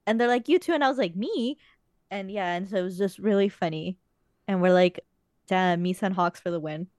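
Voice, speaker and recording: Speaking briskly in a lowish, slightly mellow voice with a clean tone, this young podcast host chats casually and tells stories, dropping frequent swear words. The sound is dry and clean, as from a studio.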